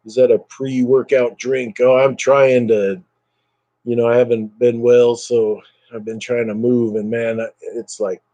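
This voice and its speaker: A man hosting a casual livestream, low on energy and a bit fried in the voice, rambling as he answers viewers' comments. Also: flat delivery, measured pace, mellow, no echo, lo-fi sound. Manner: rambling and chatty, reading out viewer comments, drifting into brief impressions. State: low energy, recovering from illness. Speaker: livestream host chatting with viewers. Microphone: computer webcam mic.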